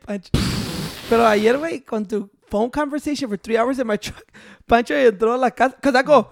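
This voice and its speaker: A man's voice: very high-pitched, a little fast, gravelly, dry recording, clean studio sound. Profane, laughing code-switching man. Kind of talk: casual chat.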